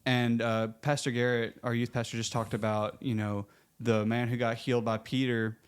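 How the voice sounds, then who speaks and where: A man's voice: little pitch movement, moderate pace, clean tone. A man hosting a podcast in casual faith talk, earnest, his voice rising when he makes a point. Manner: earnest, rises in pitch when making a point. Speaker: podcast host.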